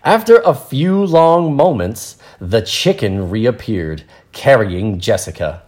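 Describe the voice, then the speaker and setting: Relaxed male storyteller, unhurried and expressive, teaching as he reads. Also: medium pitch. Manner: relaxed, playful, explains words plainly. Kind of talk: reading a picture book aloud with explanations.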